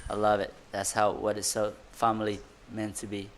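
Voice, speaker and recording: A man commentating live on a surf contest, excitable, in loose, broken phrasing. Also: fairly low pitch, normal speed, slight background noise.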